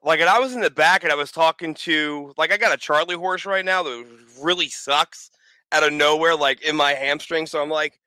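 A man chatting casually, animated and often laughing as he acts out what people said. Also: a little high, normal speed, clear, resonant tone, dry recording. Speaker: podcast guest, wrestler. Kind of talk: casual storytelling chat.

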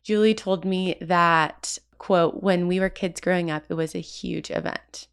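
A woman's voice: lowish voice, steady tone, unhurried, smooth. A woman hosting a podcast, reading a scripted local history narration with occasional casual asides. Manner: reads from a script with quotes and asides. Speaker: podcast host.

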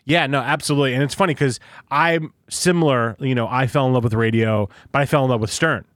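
A man's voice: mid-range voice, fast talker, fairly bright tone, dry recording, clean studio sound. A man hosting a podcast, chatting casually in a rambling way, repeating himself and swearing freely. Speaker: podcast host. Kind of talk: casual interview chat.

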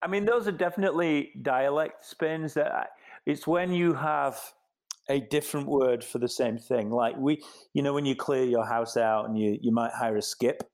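Yorkshire man with a softened accent. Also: mid-range voice, normal speed. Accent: Yorkshire, softened by years in the US. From Yorkshire, England. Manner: thoughtful, many restarts and "you know" fillers. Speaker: interview guest, company co-founder. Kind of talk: casual conversational interview.

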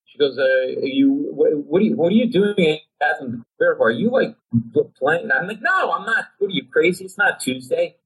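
A comedian in casual conversation tells a story with rising excitement. His voice is a man's, slightly higher than most. He throws himself into the tale and now and then jumps into loud, high exclamations. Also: poor audio. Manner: fast, excitable storytelling, lurching into high shouted asides. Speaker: comedian guest. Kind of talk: animated storytelling on a podcast.

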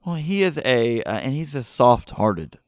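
A middle-aged man hosting a podcast, retelling a movie plot in a rambling, excitable way with many fillers and restarts. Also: medium pitch, a little slow, no echo, studio quality. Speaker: podcast host. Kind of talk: casual movie podcast chat.

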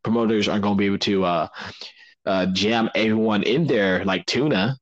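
A man's voice: on the low side, fairly quick, highs cut off. A man, a professional wrestler, joking and chatting casually as a podcast guest. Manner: joking, playful, laughs easily.

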